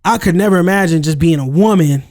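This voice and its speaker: Man podcast co-host, higher register, dry booth sound, animated slangy storyteller. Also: quick pace, dry recording. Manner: storytelling, animated, slangy, lots of "like" and "you know". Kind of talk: casual podcast chat.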